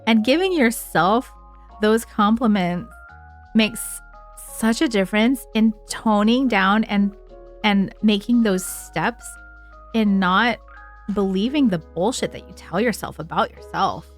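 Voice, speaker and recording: Woman, live streamer, casual chat, mid-pitched voice, swears freely, lots of filler words, faint music behind. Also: slow pace. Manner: frank and chatty, swears freely, many "like" fillers.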